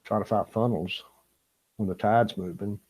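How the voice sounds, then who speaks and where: A man's voice: lowish voice, fairly even intonation, normal speed, darkish tone, slightly rough, poor audio. An older man from Louisiana, chatting casually with viewers on a fishing live stream and laughing often. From Louisiana, USA. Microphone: small camera-top microphone.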